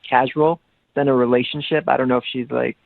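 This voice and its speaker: A young man on a phone call, talking in a hesitant, halting way. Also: medium pitch, level tone, vocal fry, dry recording. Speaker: caller on the phone. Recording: tinny phone line.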